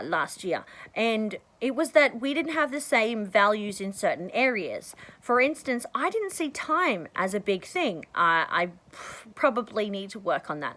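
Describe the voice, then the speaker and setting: A woman vlogger giving casual advice to the camera, rambling and chatty, often clearing her throat. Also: low-quality recording. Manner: bursts into high excited tones when acting out conversations.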